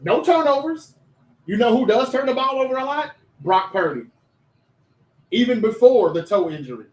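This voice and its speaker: A high-pitched man hosts a casual sports talk livestream in an animated, chatty way, talking straight to his viewers. His voice sits a little back from the mic and rings in an echoey room. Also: moderate pace, recorded from a distance. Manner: animated, chatty, reads viewer comments aloud and addresses chat directly.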